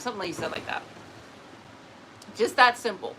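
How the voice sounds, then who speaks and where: A woman talking casually and emotionally to camera, often pausing to address an unseen spirit, with quick restarts and repeated words. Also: medium pitch, animated, a bit bright, poor audio. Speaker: spiritual vlogger. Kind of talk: casual personal talk to camera. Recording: noticeable background noise.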